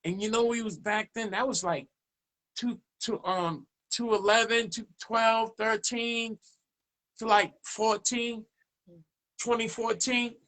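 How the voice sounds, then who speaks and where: A man tells stories as a DJ guest in a relaxed interview. His voice sits a bit high and bright, and it jumps up when he plays out other people's lines. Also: slow pace. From Boston, USA. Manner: animated, acts out dialogue in raised voice. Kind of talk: casual storytelling interview.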